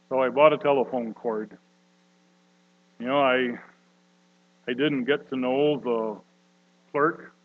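A man preaching a sermon, slow and earnest, building to loud emphatic peaks. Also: medium pitch, steady tone. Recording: dull lo-fi recording with mains hum.

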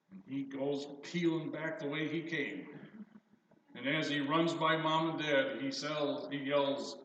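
An older man preaching a sermon, reading scripture and telling stories in an animated, emphatic way. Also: mid-range voice, muffled recording. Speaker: pastor. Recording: echoey hall from far off, faint noise.

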